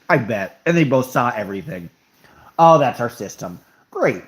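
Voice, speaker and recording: A young man with a medium-pitched, very animated voice hosts a live stream at a normal pace. He chats casually, reading viewer comments aloud and reacting to them with offhand sarcasm.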